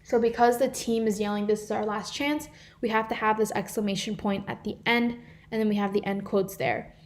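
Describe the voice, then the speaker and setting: Teen girl, volunteer tutor, mid-pitched, explains punctuation step by step on a computer mic. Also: steady tone, brisk. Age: teens. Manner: explanatory, reads example sentences aloud. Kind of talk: online live class lesson.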